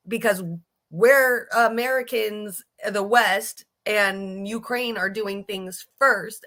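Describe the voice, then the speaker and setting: A woman's voice: medium pitch, steady tone, slow pace, a bit bright. A woman giving casual, blunt political commentary, emphatic and swearing freely, often restarting her sentences. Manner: restarts and fillers, riled up.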